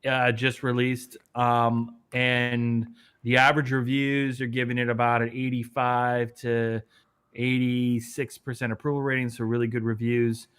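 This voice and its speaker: A man co-hosting a gaming podcast in a mid-pitched voice, heard over a choppy, robotic-sounding online connection. He jokes in a dry, deadpan way and keeps a laid-back pace. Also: a little slow, smooth. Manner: deadpan joking, dry sarcasm. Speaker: podcast co-host. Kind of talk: casual chat about video games.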